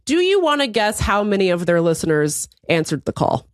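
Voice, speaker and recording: Woman, American accent, podcast co-host, lively pitch, swears, laughs, dry sound. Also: fairly quick, no room sound. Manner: animated storytelling, swearing, laughing. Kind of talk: casual chat.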